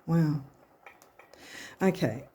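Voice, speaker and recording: A woman with a low, husky voice gives a casual tarot reading to her viewers. She talks in a chatty, encouraging way and often breaks off mid-phrase to start again. Her tone stays warm and soft rather than bright. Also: animated, extremely slow. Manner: chatty and encouraging, rambling with frequent restarts. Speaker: tarot and astrology reader.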